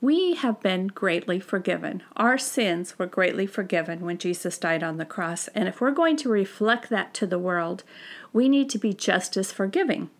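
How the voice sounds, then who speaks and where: A woman leads a recorded Bible study lesson in a mid-pitched voice with a gravelly, creaky edge. She explains scripture in a relaxed, conversational way and often pauses with fillers and restarts her sentences. She sounds like a teacher speaking to a study group.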